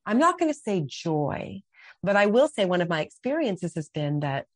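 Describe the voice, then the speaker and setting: A woman's voice: medium pitch, big pitch swings, normal speed, no room sound. A middle-aged woman talking as a podcast guest, earnest and heartfelt, often restarting her sentences. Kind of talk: conversational interview.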